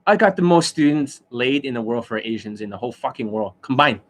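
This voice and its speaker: A man's voice: mid-range voice, lively intonation, brisk. A middle-aged man, a dating coach, holding a loose, boastful live-stream rant, swearing freely and often breaking into laughter. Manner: boastful, profane, keeps bursting into laughter.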